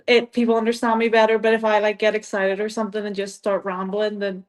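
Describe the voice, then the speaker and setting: A woman's voice: mid-range voice, completely flat delivery, quick pace. A young woman with an Irish accent, a guest chatting casually in an interview, rambling with lots of "like" and frequent laughs. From Ireland. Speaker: guest athlete.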